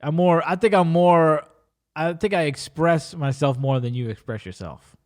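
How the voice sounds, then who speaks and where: A man hosting a relaxed podcast chat, fond of slang and quick to cut himself off and start again. His voice sits a little higher than most men's. He tells anecdotes with lively energy. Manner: animated storyteller with slang and frequent self-interruptions. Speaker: podcast host.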